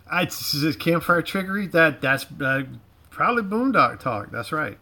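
Bright-voiced Southern drawling man. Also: on the high side. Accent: Southern US drawl with Cajun touches. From Florida, USA. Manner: rambling, repeats himself, folksy slang. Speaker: livestream host. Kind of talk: casual livestream chat. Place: home garage.

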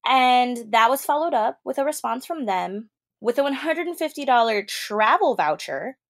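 A young adult woman co-hosting a podcast, telling a story in casual chat and acting out the quotes with big jumps in pitch. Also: expressive, moderate pace. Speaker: podcast co-host.

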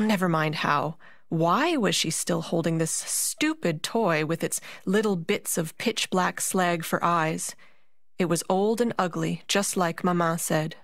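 Slow, deliberate woman storyteller. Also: lowish voice, no room sound, clean studio sound. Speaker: narrator and puppeteer. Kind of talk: storytelling narration for a concert.

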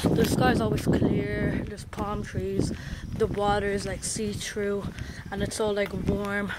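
A young woman chatting excitedly to her handheld camera while walking around outdoors, filling her talk with "like" and "guys". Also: medium pitch, takes it slowly. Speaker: vlogger. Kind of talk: casual travel vlog. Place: outdoors on a hot hillside and beach. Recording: noisy outdoor camera audio with wind.

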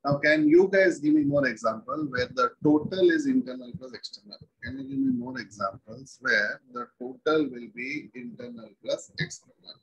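A man's voice: medium pitch, expressive, moderate pace, hardly any pauses, husky, lo-fi sound. A man teaching a physics class, repeating every point and asking the students rhetorical questions. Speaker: physics lecturer. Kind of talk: classroom lecture.

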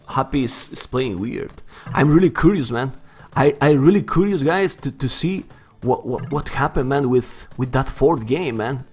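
Excitable Spanish-accented game caster. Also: male voice, medium pitch. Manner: excitable, animated, keeps saying "man". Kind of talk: live game commentary.

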